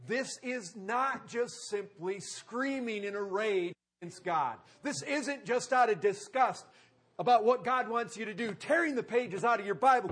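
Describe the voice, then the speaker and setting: A man preaching a sermon, driving points home with emphatic repetition and dramatic pauses. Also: sits high, husky. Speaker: pastor.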